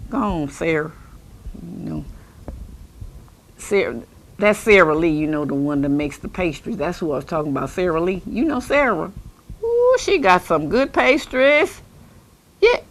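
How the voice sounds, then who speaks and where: A woman's voice: a little slow, long pauses. A woman playing an eccentric, scatterbrained older lady in a comedic monologue, rambling and chatting with invisible companions. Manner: lively, swooping pitch.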